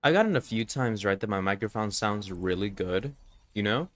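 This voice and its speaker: Man, low voice, congested, rambling casual stream chat, filler-heavy, filtered desk mic. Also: animated, normal speed, a bit bright, dry recording. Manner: rambling, filler-heavy, keeps checking in with viewers. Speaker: game streamer. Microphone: desk microphone with noise filter.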